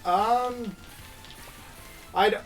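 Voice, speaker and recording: A co-host in a casual gaming chat, knowledgeable and quick in bursts. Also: medium pitch, faint music behind.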